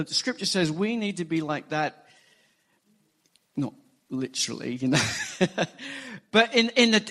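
A man preaching a sermon, animated and emphatic, acting out quoted lines. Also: high voice. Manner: animated preaching, rising emphasis, quotes scripture in acted voices. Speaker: pastor.

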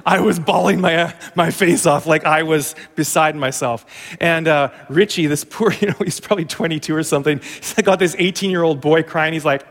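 A man's voice: sits high, brisk, fairly bright tone, big-room sound. A male pastor telling a humorous, self-mocking story during a sermon.

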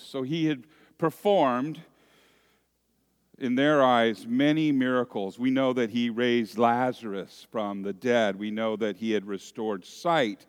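A pastor preaching a sermon, telling a story dramatically and dropping at times to a hushed voice. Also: male voice, mid-range voice, clean tone. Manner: slow, dramatic storytelling that swings from loud to hushed. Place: church sanctuary. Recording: long reverb of a church hall.

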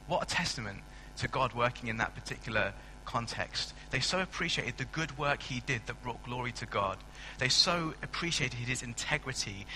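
Male pastor, forceful bright tone, storytelling sermon, faint background hum. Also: mid-range voice, rough recording. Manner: chatty, self-mocking, storytelling. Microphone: stand mic.

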